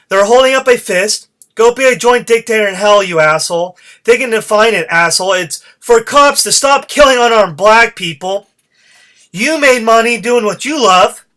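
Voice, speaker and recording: A man's voice: high-pitched, bright, forceful tone. A man hosting his own podcast, delivering a profane, fired-up solo rant. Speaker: podcast host.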